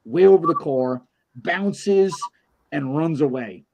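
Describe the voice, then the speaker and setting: A man's voice: fairly high pitch, slow, vocal fry, muffled recording. A man on a podcast telling a long personal story in casual chat, acting out the voices in it and swearing freely. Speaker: podcast co-host.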